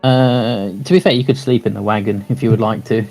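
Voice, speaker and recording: A man's voice: mid-range voice, fairly even intonation, fairly quick, mellow, faint music behind. A man running a tabletop game as game master, narrating in a loose, rambling way with many restarts and frequent laughs.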